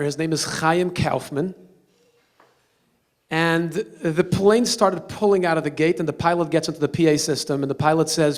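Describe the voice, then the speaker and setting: A man speaking as a rabbi storyteller at a banquet, animated and acting out the characters in his story. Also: on the high side. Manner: animated, acting out quoted voices. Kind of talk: storytelling speech. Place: banquet hall.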